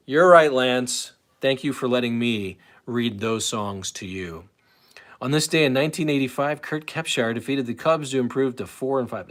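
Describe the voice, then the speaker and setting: A man's voice: mid-range voice, fairly bright tone. A man in his forties hosting a live stream in a casual, rambling way, often breaking off and starting again with fillers. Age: 40s. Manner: rambling, self-interrupting, many fillers.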